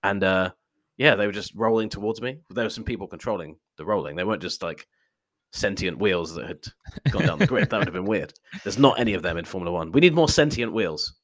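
A man co-hosts a podcast in quick, rambling bursts, telling jokey stories as he goes. His voice sits fairly low, and the sound is dry and close. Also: animated, no room sound. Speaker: podcast co-host. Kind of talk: casual chat, storytelling.

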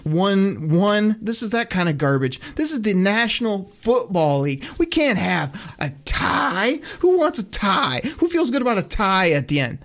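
A man's voice: sits high, normal speed, hardly any pauses. Ranting sarcastic man talking football. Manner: animated, sarcastic ranting with frequent laughs. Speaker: sports podcast co-host. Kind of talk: casual sports talk rant.

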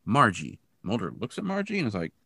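Male co-host, low and animated, deadpan jokes, dry sound. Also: a little fast, vocal fry, dry recording. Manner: dry, joking asides. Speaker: podcast co-host. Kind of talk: casual recap chat.

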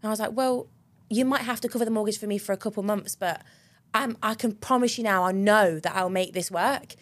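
A young woman, co-hosting a podcast and telling a personal story in a chatty, animated way, full of laughs and the odd swear word. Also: medium pitch, a little fast. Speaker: podcast co-host. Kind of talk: casual chat.

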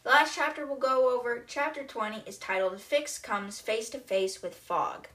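A woman hosting a podcast, retelling a classic novel in a chatty way with wry asides. Her voice sits fairly high and sounds bright. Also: normal speed. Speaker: podcast host.

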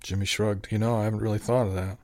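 A man reading a novel aloud as narrator, even in his storytelling and lifting his voice for the characters' lines. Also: on the low side, fast talker. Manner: even storytelling, lifts into dialogue. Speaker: audiobook narrator. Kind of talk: scripted narration.

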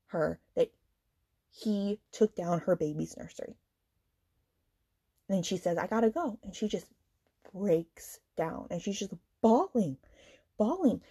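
A woman's voice: lowish voice, mellow, husky. A woman hosting a book podcast, retelling a plot in a heated, exasperated casual rant, with swearing and lots of "like" and "okay". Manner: many fillers like "like" and "okay".

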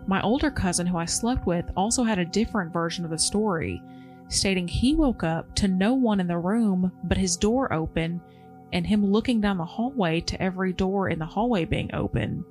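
A woman's voice: mid-range voice, normal speed, darkish tone, soft background music. A woman co-hosting a podcast, reading a paranormal story aloud and chatting casually; she calls herself easily scared. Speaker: podcast co-host.

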